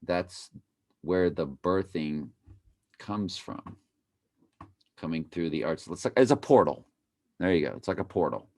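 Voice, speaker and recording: A man's voice: deep voice, lively intonation, normal speed, a little mellow. A man giving casual, playful commentary over a video he plays, repeating phrases in a mock chant and breaking into sudden exclamations.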